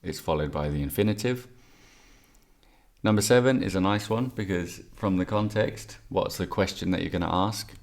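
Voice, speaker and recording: Low, gravelly male exam teacher. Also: moderate pace. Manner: chatty and wry, with joking asides. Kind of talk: explaining exam answers on a video lesson.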